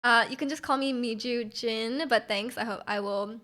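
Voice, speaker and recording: A young-sounding woman chatting on her stream, her voice a touch high. She rambles with fillers and frequent giggles. Her throat sounds slightly off. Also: normal speed, sharp tone. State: throat feels off. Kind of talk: casual chat with viewers.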